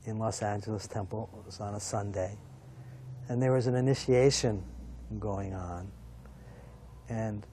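A soft-spoken man calmly recalling a first meeting as a devotee, with a thoughtful, gentle delivery. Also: medium pitch. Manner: soft-spoken, thoughtful, chuckles now and then. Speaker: devotee sharing memories. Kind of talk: reflective recollection.

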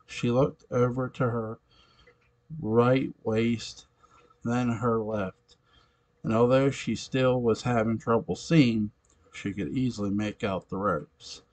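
A man reading a fan story aloud, slowly, with halting delivery and frequent self-corrections. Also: medium pitch, fairly even intonation, darkish tone. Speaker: story reader.

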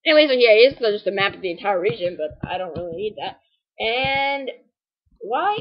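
In a casual let's-play, a woman with a mid-range voice and lively intonation comments on a game walkthrough at normal speed. She rambles sarcastically, leaning heavily on "like" and "anyways," and the recording sounds muffled.

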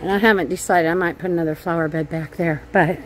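A middle-aged woman with a lowish voice talks straight into a phone as she walks her backyard garden outdoors. She is blunt and foul-mouthed, venting her anger between remarks on her plants. A faint outdoor hum sits under her voice. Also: fairly even intonation, fast. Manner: blunt and profane, venting angrily. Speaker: vlogger. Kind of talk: casual gardening vlog. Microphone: handheld phone camera.

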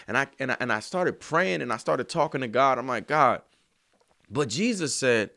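A man telling an emotional story about writing a song, earnest and slangy, sometimes softly singing lines. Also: mid-range voice, expressive, normal speed, vocal fry, dry recording, studio quality. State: choked up. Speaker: songwriter. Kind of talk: heartfelt spoken testimony.

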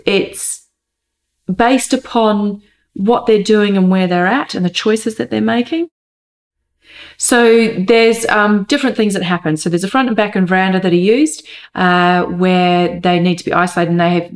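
A woman and mother giving an earnest, thoughtful update on family life, pausing often as she gathers her thoughts. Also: lowish voice. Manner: earnest, thoughtful, hesitant with many pauses. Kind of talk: reflective personal update.

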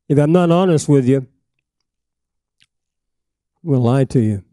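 A man's voice: medium pitch, slow pace, pauses often, no room sound. An older man preaching a sermon, emphatic and repetitive, with a frog in his throat and frequent coughs. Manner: emphatic, rising to forceful peaks then dropping to asides. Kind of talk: sermon teaching.

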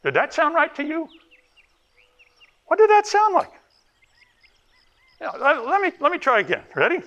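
A man's voice: very high-pitched, huge pitch swings, normal speed, pushed and bright, highs cut off, heavily acted. A man playing a bumbling, chatty forest ranger. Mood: goofy. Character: goofy rambling male forest ranger. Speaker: children's ministry character. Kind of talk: children's video skit.

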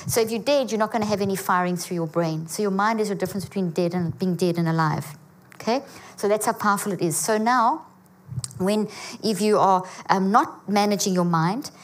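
Emphatic woman teaching a church audience. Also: mid-range voice. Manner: energetic and emphatic, checks in with the audience often. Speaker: guest speaker. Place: church auditorium.

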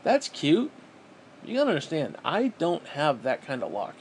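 A man's voice: a little high, very animated, normal speed, slight background noise. A man venting in a bitter, profane, rambling monologue to camera as a vlogger, often restarting his sentences.

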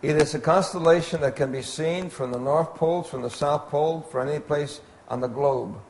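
A man giving an illustrated Bible lecture, pointing out details on slides in a slow, deliberate way. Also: on the high side, a little mellow, a little hiss or hum. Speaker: Bible teacher.

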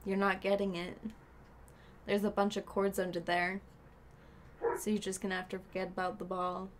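A woman's voice: mid-range voice, flat delivery, normal speed, background noise. A woman streaming a video game, chatting casually, muttering asides and shooing a pet away. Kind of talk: casual gameplay chat.

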